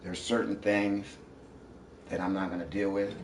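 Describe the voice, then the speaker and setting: A man at home lecturing his partner in a heated argument, repeating himself, swearing and pushing his voice up to shouts. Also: low-pitched, flat delivery, moderate pace. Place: inside a house. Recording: echoey room, voice from far off, faint hiss.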